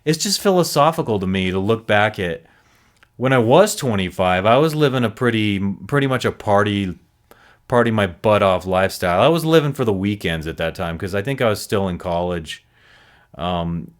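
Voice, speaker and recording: Low-voiced man reflecting on recovery. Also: lively intonation, normal speed. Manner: earnest, self-reflective, frequent restarts. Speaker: recovery podcast host. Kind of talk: solo reflective monologue.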